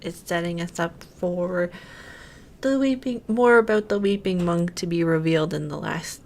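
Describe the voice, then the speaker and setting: A woman's voice: fairly low pitch, normal speed, darkish tone. A woman hosting a casual TV review chat, talking through the show in a conversational way with lots of affirming murmurs. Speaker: podcast host.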